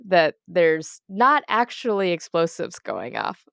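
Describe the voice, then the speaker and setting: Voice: mid-range voice, wildly swooping pitch, slow, creaky, fairly bright tone, clean tone, dry recording, clean studio sound. A podcast co-host in casual chat, animatedly recapping a match, laughing often and swearing casually.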